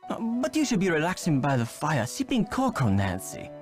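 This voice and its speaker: A suave French ski instructor. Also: male voice, a little high, huge pitch swings, a little fast, soft background music. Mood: flirtatious. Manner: suave, teasing, theatrical. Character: flirtatious French male ski instructor, charming. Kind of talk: video game voice acting.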